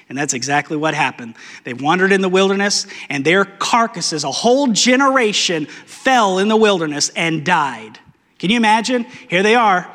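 Brief: high-pitched male pastor, casual and emphatic, echoing sanctuary sound. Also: expressive, moderate pace. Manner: conversational, playfully emphatic, trails off into soft repetitions. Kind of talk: sermon with Bible reading.

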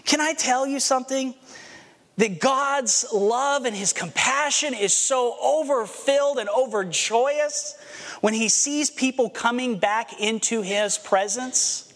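A man's voice: very high voice, slow pace, a bit bright. A pastor preaching a sermon, earnest and storytelling, acting out the scenes he describes. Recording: long hall reverb.

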